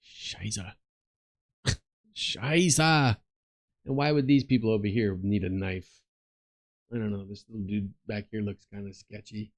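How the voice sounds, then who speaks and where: A man's voice: fairly low pitch, fairly even intonation, a little fast, dark tone, dry recording, studio quality. A man giving casual, rambling commentary while playing a game, swearing offhandedly. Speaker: gaming streamer and commentator.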